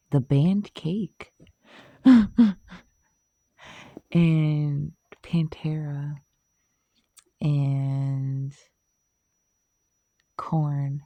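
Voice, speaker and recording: A woman's voice: very deep voice, mellow, no room sound. A woman chatting casually in a rambling way, swearing, laughing often and losing her train of thought. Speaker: vlogger.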